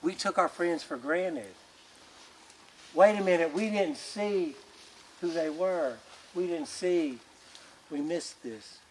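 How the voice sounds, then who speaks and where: Male folk storyteller, high-pitched, animated, colloquial. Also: takes it slowly, long pauses, slight background noise. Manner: animated, folksy, with colloquial asides.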